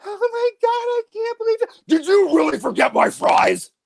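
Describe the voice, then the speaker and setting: A man imitating his older sister's high, squealing, overly sweet phone voice. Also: lively intonation, moderate pace, vocal fry, darkish tone, a little hiss or hum, full character voice.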